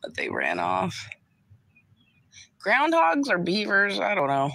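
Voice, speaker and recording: Bright, chatty woman telling a story. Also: medium pitch, huge pitch swings, slow, vocal fry, no echo, poor audio. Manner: meandering, chatty anecdotes with fillers. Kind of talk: casual chat storytelling.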